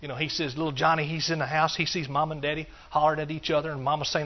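Speaking fast with hardly any pauses, a man preaches in a slightly high, level voice. His sermon builds rhythmically on repeated phrases and hallelujahs, and the recording is dull and muffled.

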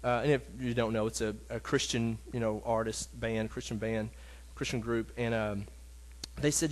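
A man teaching a casual Bible lesson, earnest and emotional, talking in a halting way with many restarts and fillers. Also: mid-range voice.

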